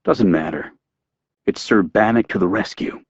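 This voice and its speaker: A man's voice: on the low side, normal speed, slightly rough, no room sound, lo-fi sound. A man reading an audiobook, voicing a smug, callous man who talks in a dismissive, sardonic way.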